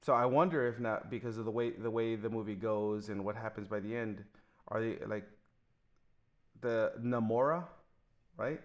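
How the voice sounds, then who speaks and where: A man's voice: lowish voice, fairly even intonation, dull audio. A man co-hosting a movie review podcast, talking casually with frequent restarts and fillers. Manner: halting, many restarts and fillers. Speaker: podcast co-host.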